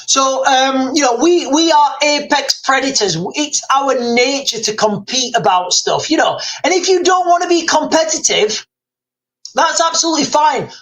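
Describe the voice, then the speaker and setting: A man's voice: very high-pitched, fairly bright tone, low-quality recording. A man hosting a livestream, ranting and rambling with emphatic repetition. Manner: rambling, fast and emphatic, repeating himself. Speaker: livestream host.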